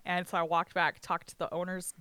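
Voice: medium pitch, little pitch movement, fairly quick, pushed and bright, smooth, dry recording. A speaker telling a work story in a casual chat, swearing freely and acting out what each person said, with laughs along the way. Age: adult with ten years of banquet work. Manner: swears freely, acts out quoted dialogue, frequent laughs.

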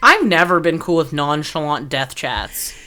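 A woman's voice: low voice, sing-song, unhurried, pushed and bright. A young woman telling a childhood story in a chatty, jokey casual conversation full of fillers. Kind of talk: casual chat.

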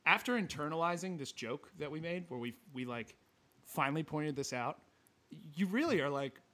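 A man co-hosting a podcast, speaking in a slightly high voice. He talks in a loose, joking way and swears casually. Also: animated, normal speed, a bit bright. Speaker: podcast co-host. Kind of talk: casual comedic chat.

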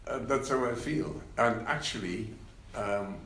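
An older man, a former party leader, telling anecdotes in an unhurried interview, with many fillers and wry laughs. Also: mid-range voice, fairly bright tone, echoey room, slight background noise. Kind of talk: reflective interview conversation.

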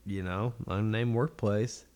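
A man's voice: fairly low pitch, steady tone, takes it slowly, darkish tone. A man co-hosting a podcast, laid-back and teasing, swearing freely in casual chat. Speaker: podcast co-host.

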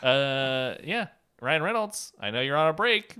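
A man's voice: mid-range voice, unhurried, clean tone. A man co-hosting a podcast in casual pop culture chat, joking and laughing often. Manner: jokey, laughs often, lively. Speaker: podcast co-host.

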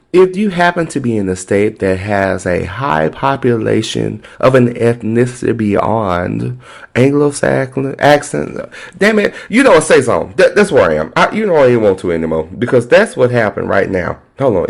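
A man's voice: mid-range voice, sing-song, normal speed, creaky. A man hosting a podcast in a casual, sassy, playful way. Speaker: podcast host.

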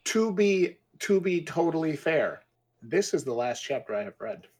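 A man's voice: a little high, very animated, moderate pace, darkish tone, husky. A man co-hosting a casual book discussion, laid-back and thinking aloud as a first-time reader. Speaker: podcast co-host.

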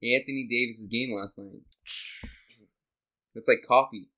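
An eager young man in a loose sports podcast conversation, his voice at a plain middle pitch. He fires off questions and excited asides, clearly enjoying the game talk. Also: unhurried. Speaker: podcast co-host. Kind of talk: casual sports podcast chat.

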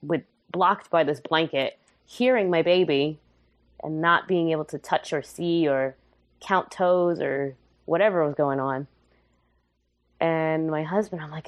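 A woman's voice: low-pitched, measured pace, dry recording. A young woman telling a candid, humorous and emotional personal story in casual podcast chat.

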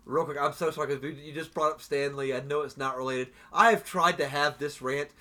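A man co-hosting a casual podcast, his voice bright and a touch high. He rants with blunt profanity and trips over his own restarts. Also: steady tone. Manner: ranting, profane, halting restarts. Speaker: podcast co-host. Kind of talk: casual chat.

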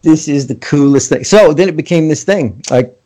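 A man's voice: fairly high pitch, normal speed, mellow. A man hosting a podcast in casual chat, enthusiastic and laughing often, acting out his own thoughts as quotes. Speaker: podcast host.

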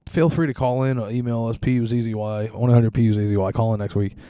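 A man's voice: mid-range voice, fairly even intonation, fast, dark tone, smooth, dry recording, studio quality. A young man hosting a podcast, ranting casually with lots of swearing and laughter. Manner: profane, rambling, laughing complaints. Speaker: podcast host. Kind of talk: casual profane podcast rant.

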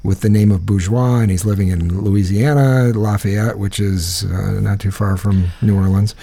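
A man's voice: lowish voice, fairly even intonation, normal speed, gravelly, mellow, breathy edge. A man co-hosting a podcast, chatting casually and telling a rambling story full of fillers and restarts. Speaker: podcast co-host. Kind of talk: casual chat.

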